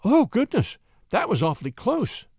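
A man's voice: extremely high pitch, huge pitch swings, normal speed, darkish tone, husky, dry recording, clean studio sound, pitched above the performer's own voice, exaggerated voice. A man voicing a nervous, romantic young woman fugitive in a storybook reading, with a fretful, raised voice. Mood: alarmed.

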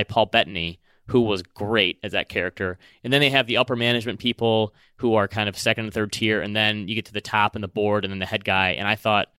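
In a dry, clean studio recording, a man with a lowish, clean-toned voice co-hosts a podcast. He chats casually and animatedly about a film and performs quotes from it.

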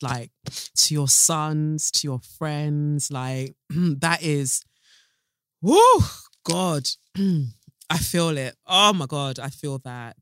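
Man, bright, forceful, dry close sound, animated podcast host. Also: on the high side, dry recording. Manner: animated, emotional, exclamatory, British slang. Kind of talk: casual podcast chat.

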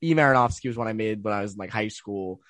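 A man's voice: on the low side, a bit bright, no room sound. Easygoing man co-hosting a sports podcast. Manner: easygoing, joking, halting restarts. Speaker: podcast co-host. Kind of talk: casual sports podcast chat.

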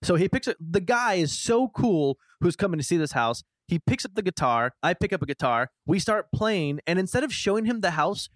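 A man in his twenties hosting a podcast, telling a long story in casual chat, rambling and animated with frequent restarts. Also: sits high, fairly quick, few pauses, no room sound. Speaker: podcast host.

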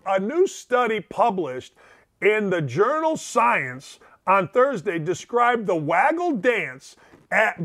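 A middle-aged man with a fairly high-pitched voice runs a casual radio monologue. He jokes freely and slips into little acted snippets of dialogue as he talks. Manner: animated, joking, acts out quoted voices. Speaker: radio talk show host.

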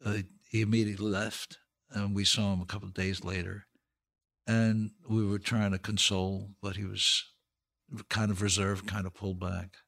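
An older man with a bright, clear voice, spinning stories as a podcast guest. He tells them in an animated, anecdotal way and chuckles at the punchlines. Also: on the low side, moderate pace. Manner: anecdotal, animated storyteller who laughs through punchlines. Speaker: guest actor and comedian. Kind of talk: storytelling in a podcast interview.

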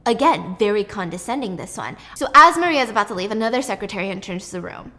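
A woman's voice: medium pitch, lively intonation, fast, hardly any pauses, bright, forceful tone. A young woman vlogger chatting casually and joking as she recaps a movie and makes a snack.

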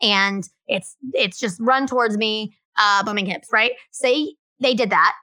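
Bright, animated woman podcast co-host. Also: medium pitch, a little slow, no echo, clean studio sound. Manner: animated, acts out quotes with exaggerated enthusiasm. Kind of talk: casual chat.

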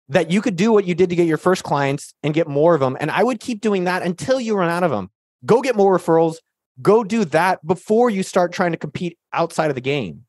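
In studio-quality audio with no room sound, a man whose voice runs on the high side hosts a podcast. He takes listener questions in a casual, hyped way, cracking jokes, bantering and talking in slang.

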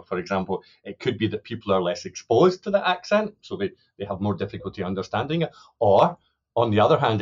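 A middle-aged man with a lowish voice talks through his research as an interview guest, pausing, restarting and adding "you know" as he thinks. The sound is a little dull and lo-fi. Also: breathy edge. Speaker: sociolinguistics academic guest. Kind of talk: podcast interview, explaining research.

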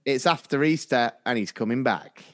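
A man's voice: mid-range voice, moderate pace, soft background music. A man co-hosting a casual teachers' podcast, telling stories and laughing often. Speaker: podcast co-host, primary school teacher. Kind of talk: casual chat.

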